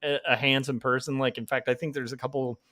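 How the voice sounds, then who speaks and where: A man's voice: medium pitch, little pitch movement, fast, bright, forceful tone, no room sound. A man hosting a casual livestream chat, talking loosely with lots of fillers and laughing often. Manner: laid-back, many fillers, laughs often. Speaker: comic artist livestream host.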